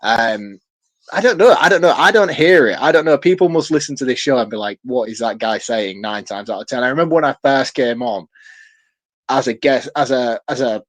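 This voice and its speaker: A man with a broad Yorkshire accent talks in an easy, rambling way, swearing freely and breaking into laughs. His pitch sits in the middle, and the close mic gives a dry, dead sound with no room around it. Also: expressive, brisk, dry recording. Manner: loose and chatty, swears casually, laughs often. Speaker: podcast co-host. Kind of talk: casual film review chat.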